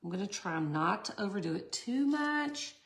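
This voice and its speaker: A woman's voice: mid-range voice, sing-song, normal speed. A chatty middle-aged woman, hosting a casual craft tutorial and talking to her viewers. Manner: chatty, laughs often, talks to viewers. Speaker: resin art tutorial host.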